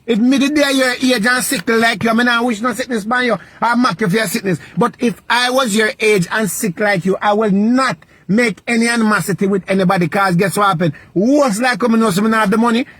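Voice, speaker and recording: A man with a Jamaican accent and a notably high voice, lecturing someone in a vlog rant. He hammers points by repeating them in a sing-song, preacher-like cadence. The sound is close and dry. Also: a little fast, hardly any pauses, fairly bright tone, no echo. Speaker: vlogger. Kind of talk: scolding social media rant.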